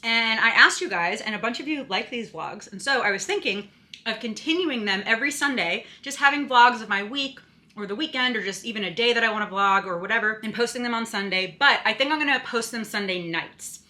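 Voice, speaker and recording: A young woman vlogs in a chatty, casual way, her voice on the high side, bright and forceful. She sounds animated and a little out of breath, talking a bit fast and peppering everything with "like" and "you know."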